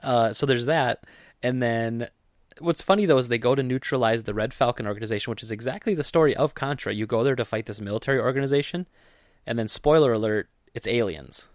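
A man's voice: mid-range voice, fairly quick, dry recording, clean studio sound. A man co-hosting a podcast, talking in a casual, rambling way with lots of fillers and jokes. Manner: rambling, filler-heavy, joking. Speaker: podcast co-host. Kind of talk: casual chat.

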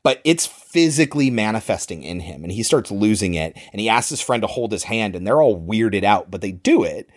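A man's voice: lowish voice, fairly quick, hardly any pauses. A man co-hosting a podcast, casually recapping a movie and acting out the characters' lines. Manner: animated retelling, swears, acts out quoted lines. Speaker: podcast co-host.

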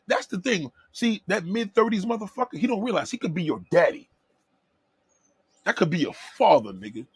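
A man who rants at his livestream chat, loud and heated. His voice is husky and swings wildly up and down. The sound is dry and close, with no room echo. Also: high-pitched, big pitch swings, moderate pace. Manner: loud, heated, swearing, rhetorical questions, repeats himself. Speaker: livestream host reacting to chat comments. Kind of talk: profane livestream rant.

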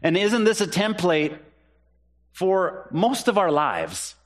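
A man's voice: lively intonation, unhurried. Earnest man preaching a sermon. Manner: earnest, repeats key phrases for emphasis; rises in pitch when voicing the disciples' questions. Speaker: pastor.

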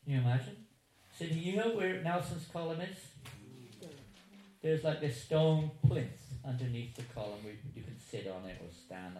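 A man in his seventies tells stories to a live audience, chatty and chuckling, often wandering off on tangents. His voice sits fairly high and sounds animated and warm, at a moderate pace. The recording carries a roomy hall echo and faint noise.

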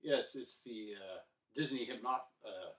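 A man's voice: medium pitch, unhurried, fairly bright tone. A man co-hosting a casual movie chat, easygoing and agreeable, dropping wry asides. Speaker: podcast co-host. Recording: roomy, distant mic.

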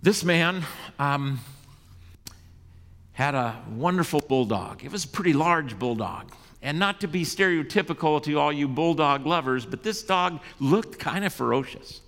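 A man's voice: medium pitch, a bit bright. A male pastor preaching a sermon and telling a story with dramatic shifts in volume. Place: church. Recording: long church reverb.

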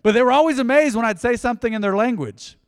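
A man preaching a sermon in a church, conversational and joking, with big swings between quiet asides and loud emphasis. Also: fast, clean tone, no room sound, studio quality, in a large hall. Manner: conversational, joking, dynamic swings in pitch and loudness. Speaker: pastor.

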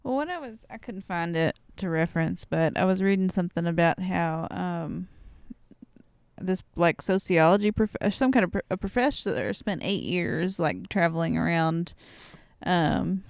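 A woman's voice: fairly low pitch, smooth, no room sound. A woman from Wisconsin with a Wisconsin accent, talking in a rambling, profane, casual chat. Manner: rambling, profane, self-interrupting.

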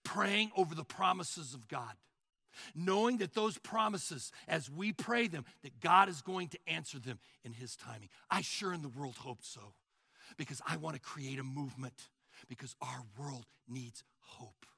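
Older guy preaching, high lively voice, bright and gravelly, dry sound. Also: unhurried, no echo. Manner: animated preaching, acts out mock prayers. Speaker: pastor. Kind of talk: sermon.

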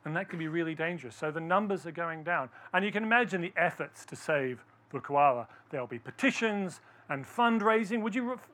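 A man with a high, bright voice gives a live storytelling talk. He questions the audience directly and animates the story as he goes. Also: expressive, a little fast, hardly any pauses.

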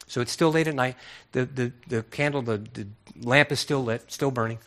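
A man preaching a sermon as a pastor, telling the story with lively acted-out voices and frequent repeated words. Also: mid-range voice, moderate pace.

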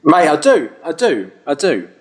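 A man's voice: on the high side, wildly swooping pitch, a little slow, slightly rough. A young British man chatting casually as a podcast co-host, telling stories animatedly with laughs and swearing. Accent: British English. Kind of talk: casual chat.

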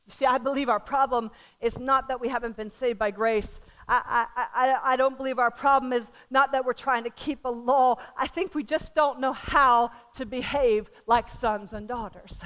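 A middle-aged woman preaching a sermon, emphatic and often asking the congregation questions, swinging from loud declarations to hushed, tender storytelling. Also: high-pitched, fairly quick.

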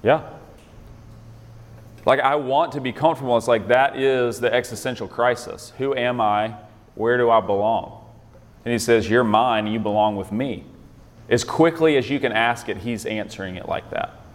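A man's voice: mid-range voice, moderate pace, in a large hall. A man leading an interactive Bible lesson in a conversational way, often quizzing his listeners with questions. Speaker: Bible study leader.

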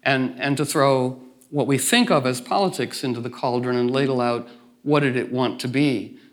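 A man's voice: mid-range voice, normal speed. A man talking as a guest in a reflective conversation, meandering and playful, with many restarts and acted-out asides.

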